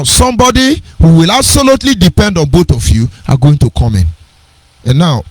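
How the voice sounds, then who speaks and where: A man's voice: medium pitch, husky, no room sound, low-quality recording. A middle-aged man with a Nigerian accent, giving an earnest personal storytelling talk on a radio program, digressive and with sing-song emphasis.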